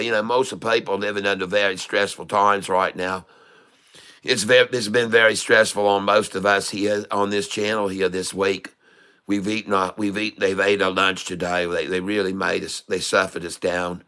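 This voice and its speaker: A man's voice: lowish voice, sharp tone, smooth. A man hosting a casual day-trading livestream, talking in a folksy, joking, rambling way.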